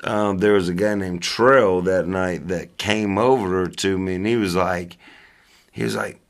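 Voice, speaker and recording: A man telling a story in a casual chat, animated and profane, often laughing. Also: low voice, unhurried. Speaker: storyteller among friends.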